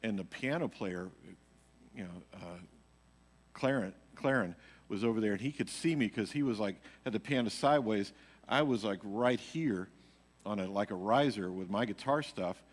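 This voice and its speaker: In a church sanctuary, a worship leader tells the congregation a rambling personal testimony packed with fillers like "you know." His male voice is on the low side and moves at normal speed. The live church stream carries long hall reverb.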